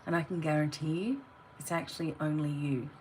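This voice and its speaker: A woman's voice: low-pitched, fairly even intonation, a little fast, a little mellow, a little hiss or hum, poor audio. A woman giving a tarot reading, talking straight to the viewer in a blunt, motivating way. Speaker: tarot reader.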